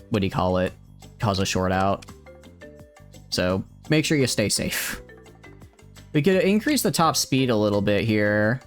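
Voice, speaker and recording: Guy with hiccups streaming a game, thinks out loud, gets all excited, voice bouncing up and down. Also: lowish voice. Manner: thinks aloud, excitable, chatty with viewers. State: has hiccups. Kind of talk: live gameplay commentary.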